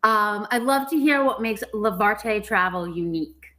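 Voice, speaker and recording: A woman's voice: medium pitch, expressive, normal speed, sharp tone. Bubbly woman with a Boston accent. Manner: bubbly, apologetic. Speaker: interviewer. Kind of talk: webinar interview.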